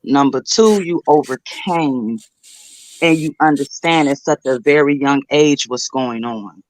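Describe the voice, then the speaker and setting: A middle-aged woman with an unusually low voice calls in to offer advice. She sounds motherly and encouraging, using affectionate pet names, and her voice comes through dry and close. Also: dry recording, rough recording. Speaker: caller giving advice. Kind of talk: supportive call-in chat.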